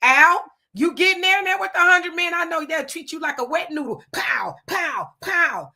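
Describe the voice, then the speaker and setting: Bright casual woman livestream host. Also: extremely high pitch, a little fast. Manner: laughing, playful, reads viewer comments aloud. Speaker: livestream co-host reading chat. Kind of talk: casual chat.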